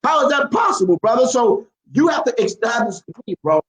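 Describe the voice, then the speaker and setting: A man's voice: extremely high pitch, big pitch swings, fast talker, fairly bright tone, echoey room, low-quality recording. A man in a heated religious debate, quoting scripture and repeating his points insistently.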